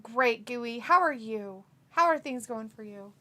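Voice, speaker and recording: Giggly bright-voiced woman. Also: on the high side, expressive, unhurried. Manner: giggly, teasing, laughs often. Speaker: co-host of a wrestling watch-along stream. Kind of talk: casual chat reading live chat messages aloud.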